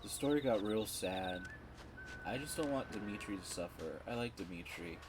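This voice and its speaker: A man's voice: fairly low pitch, moderate pace, noisy background. A man streaming a game, chatting casually in a rambling, frank way and swearing freely. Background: game music.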